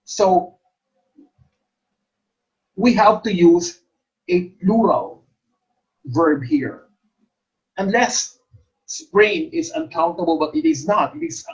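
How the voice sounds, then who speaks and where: Middle-aged male teacher, unhurried, repeats key terms. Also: sits high, big pitch swings, poor audio. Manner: explains slowly, repeats terms and stresses syllables. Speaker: exam review teacher. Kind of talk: teacher-exam coaching lecture.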